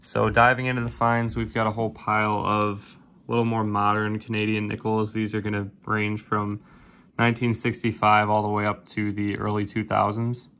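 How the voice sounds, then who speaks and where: A man's voice: completely flat delivery, normal speed, fairly bright tone. A man hosting a coin hunting video, casually calling out dates as he sorts coins. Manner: calls out coin dates one after another in a low-key way. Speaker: coin roll hunting channel host. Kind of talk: casual narration while sorting coins.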